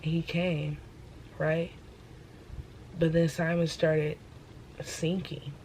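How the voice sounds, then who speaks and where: A woman's voice: deep voice, level tone, slow, a little mellow, a little hiss or hum, rough recording. A young woman host, talking about her faith in an emphatic, preachy way and repeating her phrases. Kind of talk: casual faith talk.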